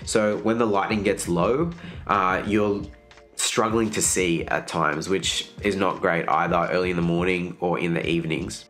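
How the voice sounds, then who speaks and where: A man with a nasal voice, getting over a virus, giving a candid, relaxed gear review in a casual vlog. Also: low-pitched.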